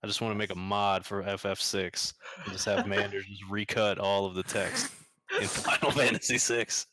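A man's voice: on the low side, fairly even intonation, moderate pace, bright, forceful tone, no echo. A man co-hosting a casual gaming podcast, talking hesitantly and repeating words as he gathers his thoughts. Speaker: podcast co-host.

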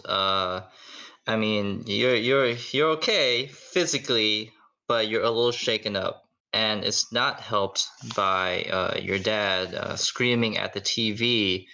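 A man's voice: lowish voice, sharp tone. A man narrating a tabletop role-playing game as its game master, loose and casual with lots of fillers.

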